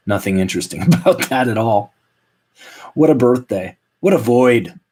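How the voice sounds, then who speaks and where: A man in his late thirties talks through a solo comedy podcast, rambling and self-mocking. His delivery is deadpan, but his pitch swings widely from line to line. It is a mid-pitched voice with nothing unusual in its tone. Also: moderate pace, a little hiss or hum. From Canada. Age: 30s. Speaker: podcast host. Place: at home.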